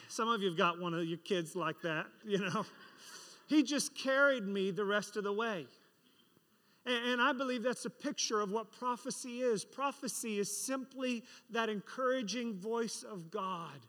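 With an extremely high, bright, forceful voice at normal speed, a pastor from England delivers a sermon. Recorded in an echoing hall, he recounts a personal story and performs the voices of its characters.

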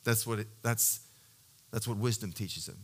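A middle-aged male pastor preaching a sermon, swinging from loud emphatic peaks to quiet, low storytelling, with halting restarts as he searches for words.

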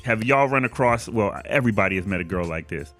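A man's voice: lowish voice, expressive, quick pace, a bit bright, faint music behind. A man hosting a casual podcast chat, blunt and profane, often laughing. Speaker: podcast host.

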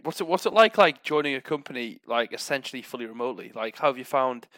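A man's voice: medium pitch, expressive, fast, fairly bright tone, no room sound. A man, chatting casually and asking follow-up questions on a podcast. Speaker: podcast host. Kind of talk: casual chat.

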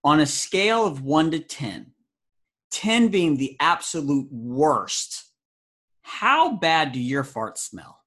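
A man's voice: fairly high pitch, big pitch swings, takes it slowly, fairly bright tone. A man leading a children's ministry video call, talking in a playful, goofy way and reacting with easy amazement. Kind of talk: casual video call with kids.

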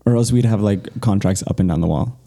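Man, 20s, podcast co-host, casual banter, teasing, mellow voice. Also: lowish voice, quick pace, creaky. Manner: playful, teasing, animated.

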